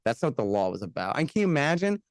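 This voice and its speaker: A man from the United States rants bluntly in a podcast interview, sarcastic and quick, sometimes slipping into mocking voices for the people he quotes. His voice is mid-pitched and sits close and dry, with no room around it. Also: big pitch swings, no echo. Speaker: guest, antiwar radio host and author.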